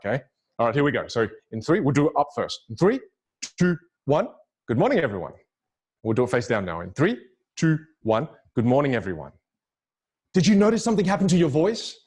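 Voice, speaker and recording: A man teaching public speaking to a virtual audience, with a lively, demonstrative delivery that swings his pitch widely and repeats key phrases for emphasis. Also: breathy edge.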